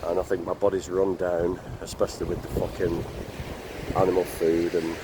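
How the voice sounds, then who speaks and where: An older man with a blocked nose, talking slowly and plainly in a casual travel vlog by the sea. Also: low voice, level tone. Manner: slow, rambling, plain-spoken. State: congested, bunged up. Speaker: vlogger. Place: outdoors by the sea. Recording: noisy outdoor recording.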